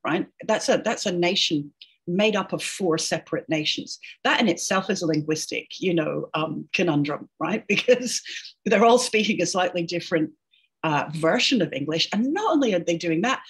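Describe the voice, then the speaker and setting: A woman's voice: lowish voice, breathy edge. A middle-aged woman, an educational linguist, explaining as an interview guest in a chatty way, laughing often and tagging her points with "right?". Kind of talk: casual interview chat.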